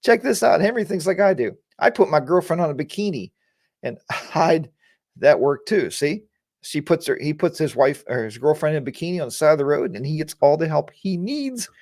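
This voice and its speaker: A man hosting a casual live-stream chat for riders, ranting in a fired-up way and calling out viewers by name. His voice sits fairly high for a man. The sound is dry and close, with no room around it. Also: animated, a little fast, darkish tone, no echo. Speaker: live chat show host.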